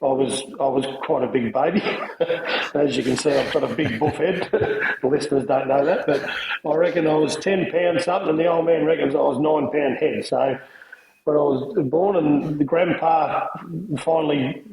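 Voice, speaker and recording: A man's voice: on the high side, moderate pace, vocal fry, noisy background. Laughing middle-aged Australian man in an echoey room. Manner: laughs often while telling yarns. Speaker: podcast guest. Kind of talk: casual storytelling chat.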